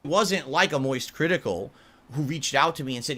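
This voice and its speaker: A man's voice: a little high, lively intonation, fairly quick, noisy background. A man speaking in a documentary interview, sounding aggrieved and defensive about how he is treated online. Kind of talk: interview clip played on stream.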